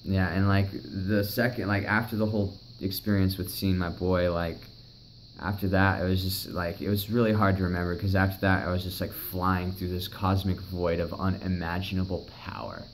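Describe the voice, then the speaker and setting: A man's voice: sits low, level tone, moderate pace, a little hiss or hum, rough recording. A young man recounting a personal story in a rambling, emotional way, swearing often. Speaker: vlogger.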